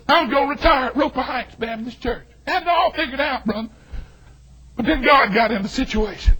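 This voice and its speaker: A middle-aged man with a Southern US accent preaching a fiery, folksy sermon, shouting and whooping with exclamations. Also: very high voice, poor audio. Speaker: Baptist preacher. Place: church sanctuary.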